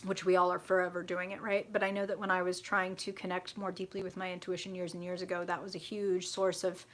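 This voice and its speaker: A woman's voice: fairly low pitch, flat delivery, fast talker. A young adult woman hosting a live tarot reading, chatty and frank, swearing freely and answering viewer comments.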